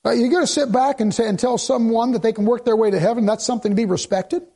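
A man's voice: very high-pitched, fairly even intonation, warm tone. A man preaching a sermon as pastor, talking straight to his congregation and voicing their questions, often restarting words with many fillers. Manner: halting, with frequent restarts and fillers; talks directly to the congregation, posing their questions. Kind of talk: sermon, expository Bible teaching.

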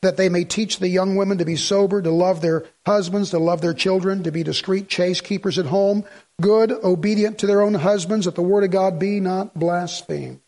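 A man's voice: high voice, fairly even intonation, moderate pace, a little mellow. A middle-aged man preaching a sermon in a folksy, emphatic way, firing rhetorical questions at his congregation. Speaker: pastor.

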